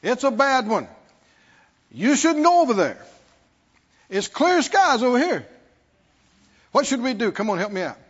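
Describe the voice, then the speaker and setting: A man's voice: very high voice, sing-song, unhurried, pauses often, husky. A man preaching a sermon who calls out to the congregation and mockingly acts out worried believers. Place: church sanctuary. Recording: dull lo-fi recording with long hall reverb.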